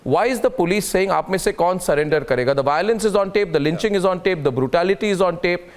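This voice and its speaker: A man's voice: sits high, animated, fast talker. Insistent Indian man anchoring a debate. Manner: insistent, emphatic, repeats phrases for force. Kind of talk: televised studio debate. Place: TV studio.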